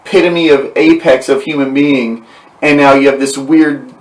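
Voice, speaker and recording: A man's voice: medium pitch, steady tone, normal speed. A male podcast host talking casually, rambling with fillers and restarts. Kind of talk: casual conversation. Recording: roomy, distant mic.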